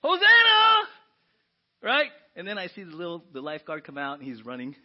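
A man preaching a sermon as pastor, animated and often asking the congregation "right?". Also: on the high side, quick pace. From United States. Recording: dull lo-fi church audio.

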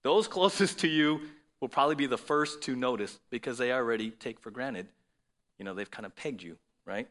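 A man's voice: medium pitch, normal speed, a bit bright. A man preaching a sermon to his congregation, in a conversational style with frequent "right?" asides. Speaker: pastor.

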